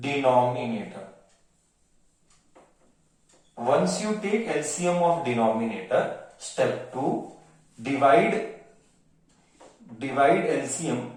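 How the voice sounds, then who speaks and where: Indian male maths teacher, mid-pitched, drills the class with repeated questions; boomy room, distant mic. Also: a little mellow. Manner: repeats each phrase, mixes Hindi into English, quizzes the class. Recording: very echoey room, mic far off.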